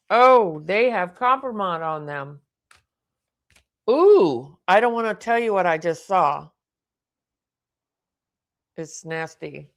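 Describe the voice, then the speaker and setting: A woman's voice: mid-range voice, fairly bright tone. A woman reading tarot cards aloud, thinking aloud and exclaiming as the cards turn up. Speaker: tarot reader.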